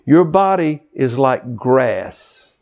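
A man in his sixties preaching a sermon with passion, dropping to hushed tones and rising to near-shouts. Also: medium pitch, expressive, extremely slow. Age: 60s.

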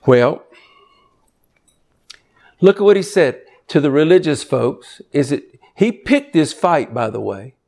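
Animated man preaching a sermon. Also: creaky. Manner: animated, conversational preaching with sudden pitch jumps; reads scripture aloud quickly.

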